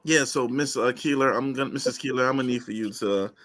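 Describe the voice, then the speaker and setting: A man's voice: medium pitch, fast talker, a bit bright. A man co-hosting a casual podcast, teasing the others and repeating his words. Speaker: podcast co-host. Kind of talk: casual banter.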